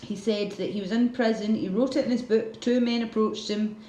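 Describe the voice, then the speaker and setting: A woman's voice: on the high side, steady tone, moderate pace, mellow, echoey room. A woman hosting a casual livestream, ranting heatedly with a lot of swearing and reading out viewer comments. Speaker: livestream host.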